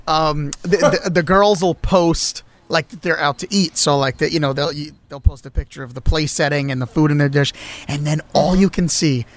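A man's voice: on the high side, normal speed. Blunt joking man in casual chat.

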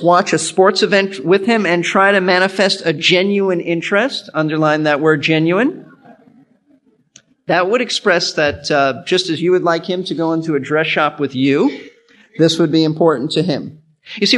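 A man's voice: high voice, a bit bright. A male pastor giving an earnest sermon, teaching in an instructive way and repeating his key points.

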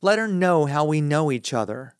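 A man narrating an audiobook, voicing an angry, defiant young man who speaks quietly and with contempt. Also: fairly high pitch, animated, normal speed, clean tone, no room sound, studio quality, close to an everyday voice. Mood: spiteful.

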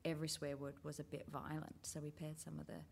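A woman's voice: low voice, level tone, quick pace, vocal fry, a little mellow, slight background noise. A woman, a theatre writer, talking frankly and thoughtfully in casual chat, with some swearing.

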